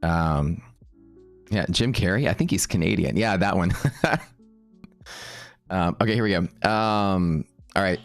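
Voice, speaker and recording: A low-voiced Texan man teaches trading live on stream, casual and upbeat, chatting with viewers between explanations. His talk is full of fillers and quick asides to chat, over soft background music.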